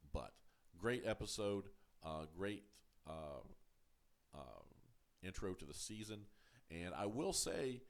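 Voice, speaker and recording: A man hosting a casual show review to camera, halting and full of ums and uhs, firm when answering critics. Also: lowish voice. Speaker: show reviewer, channel host.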